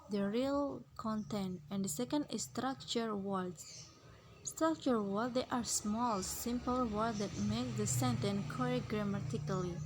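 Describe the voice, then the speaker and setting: Slow, careful young woman student reader. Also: a little high, low-quality recording. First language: Indonesian. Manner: slow, careful reading with hesitant restarts. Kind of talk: reading a class presentation. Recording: faint background noise.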